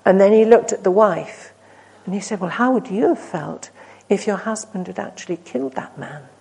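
A woman delivers a sermon in a mellow, darker voice. She tells stories earnestly, pushing lines out with emphasis and then letting them fall almost to a hush. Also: medium pitch, normal speed, gravelly, husky, poor audio. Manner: earnest, rising to emphatic then dropping to hushed. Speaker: preacher.

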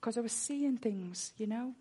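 A woman's voice: a little high, measured pace, dark tone, breathy edge. Earnest woman preaching. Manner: earnest, repeats words when worked up. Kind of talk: sermon with personal testimony.

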